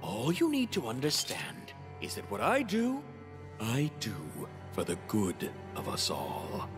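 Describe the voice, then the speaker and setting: Male actor: smug aristocrat in a parody cartoon, high, wildly swooping, hall reverb. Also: huge pitch swings, unhurried. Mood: haughty. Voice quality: pompous, formal diction. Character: pompous young male noble, haughty and smug. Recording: reverberant with background music.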